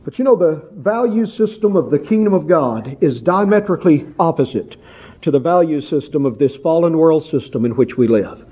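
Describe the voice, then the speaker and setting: A man preaching an evening sermon in an earnest, measured way, asking his listeners questions. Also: a little high, expressive, mellow, husky.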